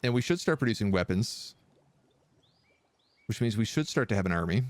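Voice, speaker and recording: A man's voice: lowish voice, expressive, moderate pace, no room sound. A man giving casual, wry live commentary while he plays a strategy game, chatting and thinking aloud. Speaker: streamer playing a kingdom sim. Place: living in Quebec.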